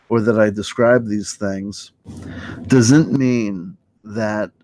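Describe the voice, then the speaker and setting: A man with a fairly low voice talks through a late-night livestream monologue, circling and restarting his thoughts. His delivery is loose and hesitant. The sound is dry and close, with no room around it. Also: dry recording. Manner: rambling, hesitant, full of restarts, animated when quoting. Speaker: livestream host.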